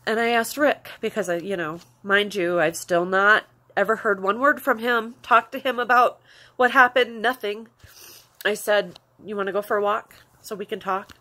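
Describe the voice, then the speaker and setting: A woman's voice: mid-range voice, moderate pace, sharp tone. A woman vlogger telling a personal story to camera in a confiding, rambling way, with many fillers, close to tears.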